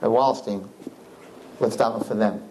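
Fervent New rabbi preaching. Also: male voice, moderate pace, slight background noise, rough recording. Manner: fervent, swings from soaring high cries to low hushed pleading. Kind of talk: impassioned sermon.

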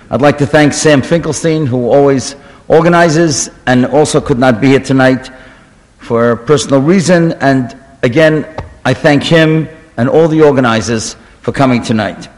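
A man delivers a storytelling sermon, chanting Hebrew verses as he goes. His voice sits high, with a long echo from the hall around him. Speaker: rabbi giving a talk.

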